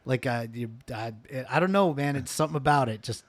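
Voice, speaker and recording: A man's voice: medium pitch, expressive, fairly quick, no echo. Laid-back male podcast host, dry sound. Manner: laid-back, says dude a lot. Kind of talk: casual chat and joke telling.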